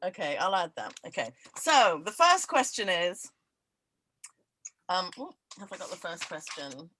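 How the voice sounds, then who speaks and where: A woman hosting an online quiz over a video call, laughing often and reading each question twice, slowly. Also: on the low side, big pitch swings, pushed and bright, slight background noise, rough recording. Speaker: event host running a quiz. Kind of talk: casual online event chat.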